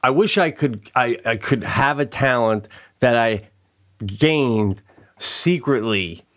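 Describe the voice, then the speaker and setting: A man's voice: medium pitch, animated, slow pace, a bit bright. A man co-hosting a casual comedic chat, riffing playfully and laughing often, with plenty of swearing. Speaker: podcast co-host.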